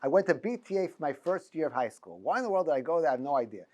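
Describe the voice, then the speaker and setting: Rabbi teaching a class, slightly high voice, stops and restarts a lot, cracks jokes. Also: male voice, big pitch swings, racing, a little mellow. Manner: rambling, joking, many restarts and stammers. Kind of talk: informal lecture. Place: classroom with students.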